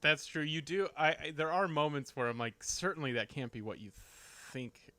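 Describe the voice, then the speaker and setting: Bright, lively man on a podcast. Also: on the high side, no room sound. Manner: quick reactions, teasing asides. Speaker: podcast co-host. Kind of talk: casual chat.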